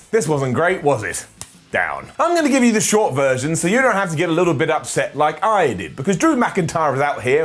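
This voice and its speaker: A man reviewing a wrestling show in a comedic, sarcastic recap monologue. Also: fairly high pitch. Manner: sarcastic, jokey, mocking asides.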